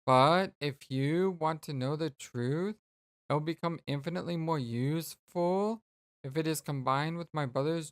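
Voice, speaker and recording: A let's play host voicing a gentle, polite young alien girl who speaks slowly and formally, reading game dialogue aloud. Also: medium pitch, clean tone, dry recording, close to an everyday voice. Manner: slow, formal, careful speech.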